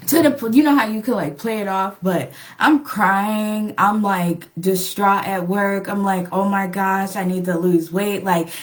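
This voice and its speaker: A woman's voice: mid-range voice, fairly bright tone. A young adult woman casually telling a personal relationship story, full of "like" and "um" and acted-out quotes. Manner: chatty, lots of "like" and "um", acts out quoted lines. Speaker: relationship vlogger.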